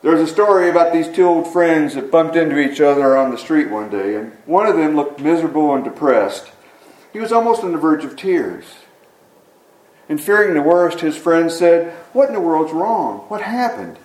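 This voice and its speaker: A man's voice: a little high, moderate pace, a little mellow. A man preaching a sermon, reading scripture and telling an anecdote in an earnest storytelling delivery. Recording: echoey room, mic at a distance.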